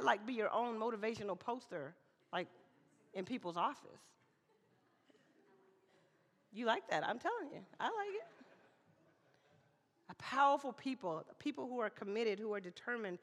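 A woman from Mississippi preaching as a guest speaker, chatty and lively, often calling for amens, her voice slightly hoarse. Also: fairly high pitch. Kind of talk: sermon. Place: church hall. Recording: church hall reverb.

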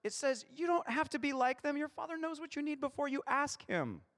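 A man's voice: very high-pitched, fairly quick, a bit bright, in a large hall. A male pastor preaching a playful sermon, acting out short voices in his stories.

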